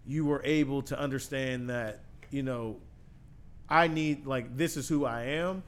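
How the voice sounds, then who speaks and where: A man's voice: medium pitch, steady tone, a little slow. A man hosting a podcast, speaking thoughtfully and affirming his guest, with frequent casual fillers. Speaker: podcast host. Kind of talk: reflective podcast conversation.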